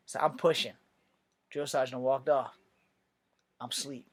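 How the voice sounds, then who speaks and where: A man's voice: mid-range voice, steady tone, unhurried, breathy edge. A man telling a loose, profane anecdote in a casual, rambling way. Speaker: storyteller.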